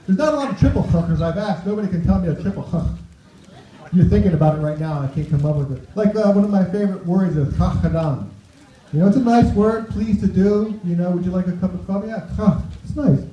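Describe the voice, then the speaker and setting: A man's voice: high voice, expressive, fast, warm tone. A man performing a stand-up set on a club stage, chatty, tossing asides to the crowd. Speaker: stand-up comedian. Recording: roomy, dull club recording.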